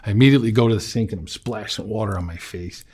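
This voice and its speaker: A man's voice: fairly low pitch, fast, a little mellow. A man in a sit-down interview, candidly telling his life story in blunt, profane language. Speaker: interview guest.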